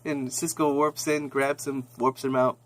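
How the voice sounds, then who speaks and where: A man's voice: mid-range voice, level tone, measured pace, fairly bright tone, slight background noise. Slangy, rambling man recapping a show. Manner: rambling, slangy, many restarts. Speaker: TV episode recapper. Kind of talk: casual recap chat.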